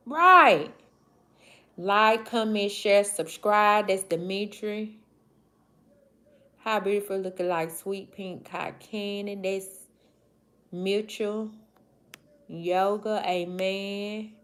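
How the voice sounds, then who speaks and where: Slow-talking Southern woman in her forties. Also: medium pitch, steady tone. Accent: Mississippi Southern. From Southern United States. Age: 40s. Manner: drawling, slow, affectionate, shout-outs to viewers. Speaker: livestream host. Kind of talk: casual livestream chat reading comments.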